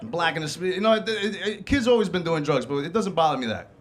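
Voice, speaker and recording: A man's voice: fairly high pitch, lively intonation, a little fast. A man hosting a comedy show, doing a casual, profane stand-up set on a club stage. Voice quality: casual, profane, laid-back delivery.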